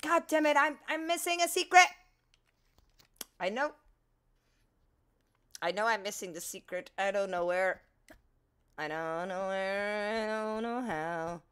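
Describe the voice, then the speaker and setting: A woman streams a video game, her first language being Portuguese, in a mid-range voice that's a bit bright, clear, and resonant. She speaks a little slowly with frequent pauses and lively intonation, muttering to herself and swearing or exclaiming when the game turns against her.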